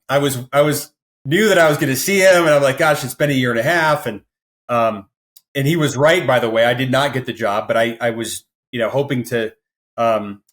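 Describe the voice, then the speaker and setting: Male interview guest from the Midwest, lively storyteller who mimics the people he quotes, medium pitch. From American Midwest. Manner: animated storyteller who acts out quoted voices. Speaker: podcast guest.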